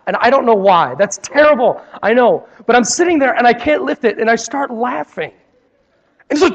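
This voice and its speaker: Man, high voice, animated storytelling sermon, long hall reverb. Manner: animated storytelling, acting out scenes. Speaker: preacher.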